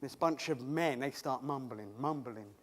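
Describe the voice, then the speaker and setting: A man's voice: medium pitch, unhurried, natural voice. A man playing a cheerful once-lame man in a comic theatrical monologue, stammering and chuckling as he tells his tale. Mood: chatty, comic. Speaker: actor in a monologue.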